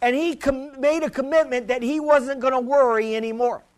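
A man with a very high voice delivers a fervent sermon. He repeats key phrases and calls out to the congregation for a response. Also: steady tone, normal speed. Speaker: preacher.

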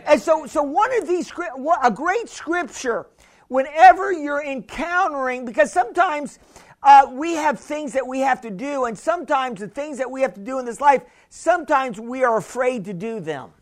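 Pastor, male, chatty sermon delivery with audience call-outs; extremely high voice. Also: animated, normal speed. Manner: chatty, laughing, calls and responses.

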